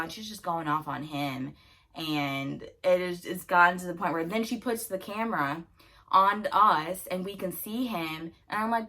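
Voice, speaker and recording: A young woman in her twenties telling a story in a chatty, animated way, often laughing. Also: fairly low pitch, moderate pace. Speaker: vlogger. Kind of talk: casual storytime chat.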